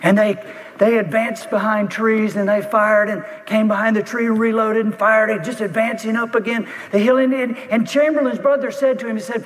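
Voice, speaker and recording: A man telling a story in a speech, building tension with vivid detail and pauses. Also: high voice, fairly even intonation, in a large hall, poor audio. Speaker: speaker.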